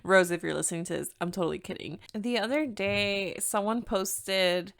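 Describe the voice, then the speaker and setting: A woman's voice: mid-range voice, normal speed, creaky, a bit bright. A young woman with a Mexican-American accent hosting her own podcast, chatting candidly, laughing often and slipping Spanish phrases into her English. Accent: Mexican-American English with Spanish code-switching. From United States, Mexican-American. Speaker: podcast host. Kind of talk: casual solo podcast chat.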